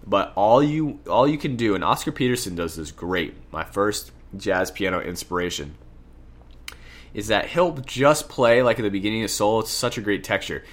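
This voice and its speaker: Guy with a cold and a little lisp teaching piano, kinda low voice, laid back, keeps saying right?. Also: moderate pace. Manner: relaxed, self-correcting explanations with frequent "right?". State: sick, slight lisp. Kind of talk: casual music lesson. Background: piano playing between explanations.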